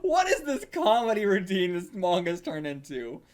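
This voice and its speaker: A man's voice: high voice, moderate pace. A man hosting a casual manga reaction, reading pages aloud and laughing often. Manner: giggly, excitable, often laughing.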